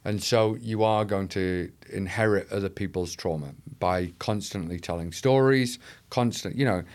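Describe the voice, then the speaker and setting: The guest, a man who leads an anti-trafficking charity, speaks in a conversational interview with passion and rhetorical flair, often using quotes to rally listeners. His voice is on the low side, darkish, at a normal speed.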